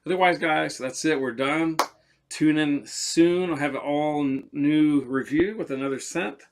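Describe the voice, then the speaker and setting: A man with a fairly high voice hosts a casual perfume review vlog. He talks in an animated, rambling way, circling back and repeating words as he goes. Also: a little slow.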